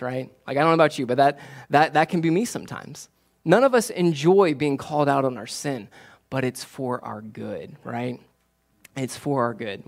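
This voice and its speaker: A man in his thirties preaches in a loose, conversational sermon, with a voice sitting a touch high for a man. He circles back to the same short phrases and gets lively once he starts telling a story. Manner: conversational, repeats key phrases, animated when telling a story. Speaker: pastor.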